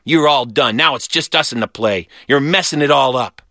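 Man doing a bossy big brother kid, curt and impatient, bright dry voice. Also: medium pitch, moderate pace, dry recording.

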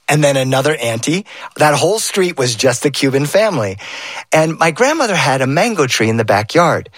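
An animated middle-aged man telling a family tale aloud, his pitch swinging widely as he plays with the words. He talks in a playful, lively way, and the recording is dry and close with no room sound. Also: no echo. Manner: warm, animated, playful, full of voices. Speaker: storyteller. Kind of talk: oral storytelling.

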